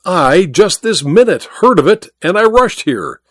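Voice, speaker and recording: A man doing an excitable, insistent gentleman. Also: medium pitch, measured pace, no room sound, studio quality. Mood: excited. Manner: excited, urgent.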